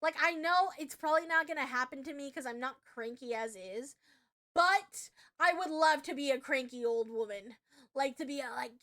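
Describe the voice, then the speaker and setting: A young woman streaming live, reacting excitably with swearing and loud outbursts. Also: sits high, moderate pace.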